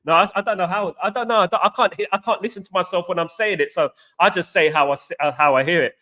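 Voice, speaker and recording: High-voiced man ranting passionately. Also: steady tone, fast, sharp tone. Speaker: football channel host. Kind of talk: live-stream chat answering viewer comments.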